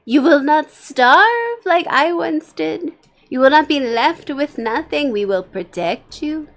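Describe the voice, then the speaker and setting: A woman's voice: sits high, lively intonation, soft background music, voice pushed up, heavily acted. Woman voicing Gollum as a hissing bishop. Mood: wheedling. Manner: drawn-out, hissing and wheedling. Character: scheming male Gollum bishop preaching greed. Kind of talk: fire-and-brimstone sermon role-play.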